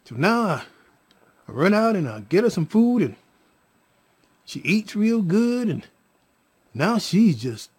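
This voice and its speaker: Slow, husky-voiced man telling a story. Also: high voice, sing-song. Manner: drawn-out, repetitive, trailing off quietly on "y'all". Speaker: storyteller vlogger. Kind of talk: casual storytelling.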